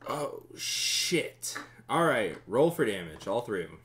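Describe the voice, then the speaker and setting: A man's voice: mid-range voice, sing-song, a little slow, a bit bright. A man running a tabletop game as game master, narrating combat vividly and explaining rules.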